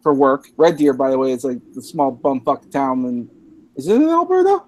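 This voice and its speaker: A man's voice: mid-range voice, big pitch swings, normal speed, a little mellow. A drunk Canadian man rambling through a profane story on a casual podcast, laughing at himself as he goes. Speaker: podcast host.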